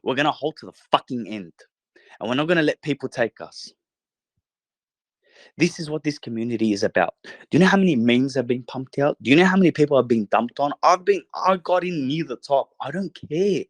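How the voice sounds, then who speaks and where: A man's voice: mid-range voice, expressive, a little fast, no room sound. A man hosting a podcast late at night from a bedroom in a holiday house, giving a fervent, profane, rallying monologue to his listeners. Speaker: podcast host.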